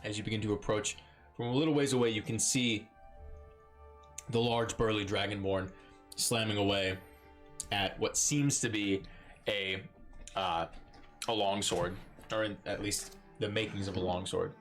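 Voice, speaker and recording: A man's voice: lowish voice, steady tone, normal speed, long pauses, fairly bright tone, faint music behind. Playful laughing man running a tabletop game. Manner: playful, laughs often, loose rambling narration. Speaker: dungeon master. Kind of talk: narrating a live-play tabletop game.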